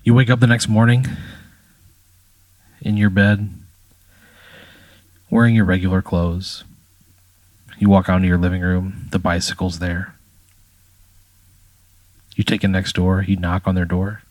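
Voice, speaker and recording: A man's voice: low-pitched, little pitch movement, unhurried, long pauses, darkish tone, no room sound. A man narrating a tabletop game as game master, in a casual, profane storytelling manner.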